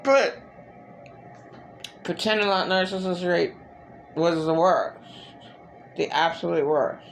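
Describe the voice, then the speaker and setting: Slow, gravelly-voiced woman vlogger. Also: lowish voice, slight background noise. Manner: halting, restarts often, swears freely. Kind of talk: personal monologue.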